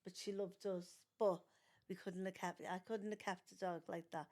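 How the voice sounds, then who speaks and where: A woman's voice: medium pitch, moderate pace. An older woman, chatting as a podcast guest and telling family stories, acting out the voices of the people in them. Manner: animated storyteller acting out quotes in raised voices. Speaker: podcast guest, mother of the host. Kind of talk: casual storytelling chat.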